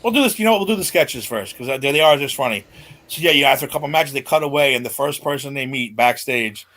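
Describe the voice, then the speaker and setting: Talking quickly in a middle-pitched voice, this man tells animated stories on a casual podcast, slipping into impressions of the people he's quoting and frequently breaking into laughter.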